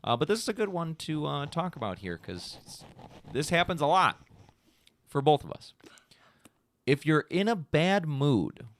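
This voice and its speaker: A man's voice: a little high, sing-song, unhurried, long pauses. A man hosting a podcast, chatting casually and rambling a little, with plenty of "like"s and "you know"s, on a podcast microphone. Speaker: podcast host. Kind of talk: casual chat.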